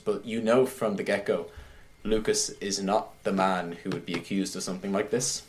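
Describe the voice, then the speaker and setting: A man in casual conversation, retelling a film scene by scene in an animated way, with many "like"s. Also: fairly low pitch, normal speed, hardly any pauses. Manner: animated retelling, heavy use of "like". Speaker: podcast guest discussing films.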